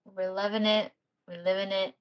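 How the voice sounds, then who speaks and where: A woman co-hosting a casual podcast, talking in an upbeat way and acting out quoted feelings with lively swings. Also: mid-range voice, normal speed, smooth. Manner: upbeat, acts out excited quotes. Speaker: podcast co-host, sonographer.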